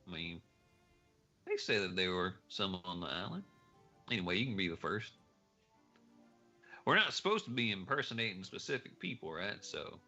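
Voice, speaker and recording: A man's voice: low voice, sing-song, moderate pace, long pauses, pushed and bright, soft background music. A man chatting casually as a tabletop game player, hesitant with many ums and restarts. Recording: slightly muffled livestream audio.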